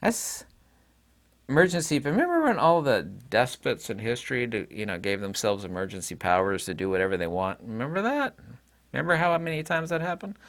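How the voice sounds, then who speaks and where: A middle-aged man talks off the cuff in a casual commentary, drifting from point to point. His pitch swings widely. He sounds sarcastic and keeps breaking into laughter. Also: very animated, fairly quick, a bit bright. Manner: rambling, sarcastic, laughs often. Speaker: channel host, commentator.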